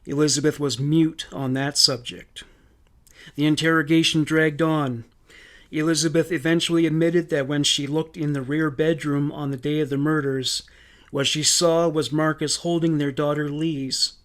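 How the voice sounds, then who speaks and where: Brief: male true crime narrator, measured and somber, slightly high voice. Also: little pitch movement.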